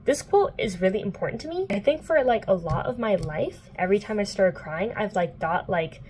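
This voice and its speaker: A book vlogger in her twenties casually recaps a novel for her channel, chatty and full of fillers, playfully quoting the characters. Her mid-range voice is animated, brisk and a little mellow, with slight background noise.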